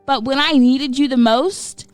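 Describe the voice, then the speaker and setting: A dead wife returns as a possessed ghost, played by a woman narrator, her voice soft and honey-sweet yet lifeless. She speaks slowly and accusingly. The sound is dry and close, with faint music underneath. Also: high voice, clear, resonant tone, no echo. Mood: eerie accusing.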